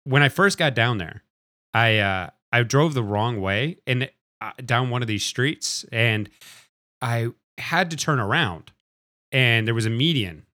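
Bright-voiced man telling a rambling story. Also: medium pitch, animated, a little slow, dry recording, clean studio sound. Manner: rambling anecdote with quoted voices. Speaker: podcast co-host. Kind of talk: casual storytelling.

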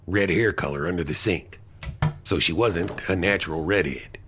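A man narrating a mystery story in the first person, in a dry, measured storytelling manner. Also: low voice, background noise. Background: music.

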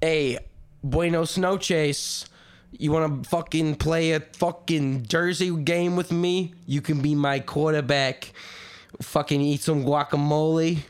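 A man doing a slow, crude impression of a dopey football star putting on a silly accent. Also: on the high side, fairly even intonation, clean tone. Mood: goofy.

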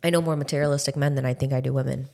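A woman's voice: rumbling low, fairly even intonation, very fast, vocal fry, dark tone. A young woman co-hosting a podcast in casual chat, talkative, laughing often and swearing casually. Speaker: podcast co-host.

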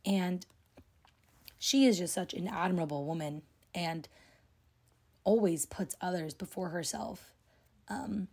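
A woman's voice: fairly low pitch, measured pace, creaky, long pauses, a little mellow, breathy edge. A young woman hosting her own podcast, talking casually and chattily with lots of "like" and "you know.". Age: young adult. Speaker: podcast host. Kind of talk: casual solo podcast talk.

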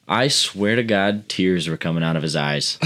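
A man's voice: deep voice, expressive, normal speed, a bit bright. A man casually telling a rambling, profane story to friends as a podcast co-host.

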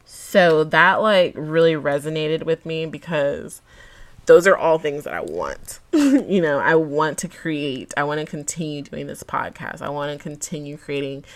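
A woman's voice: deep voice, lively intonation, measured pace. A young woman hosting her own podcast, talking casually to listeners with slang and frequent laughs, sometimes close to tears. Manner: laughs often, emotional, tearing up at times; slang-filled, speaks to listeners as y'all. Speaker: podcast host. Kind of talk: casual solo podcast talk.

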